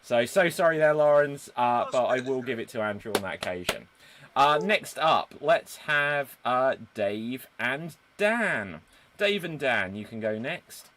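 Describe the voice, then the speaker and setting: A man's voice: mid-range voice, animated, measured pace, fairly bright tone, a little hiss or hum. A man hosting a live improv comedy stream over a video call, upbeat, handing out prompts and scores. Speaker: improv show host.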